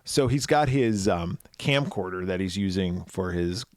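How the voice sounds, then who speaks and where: A man's voice: sits low, no room sound, studio quality. Casual swearing man recapping a movie. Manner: swearing, animated retelling with quick voiced asides. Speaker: podcast co-host.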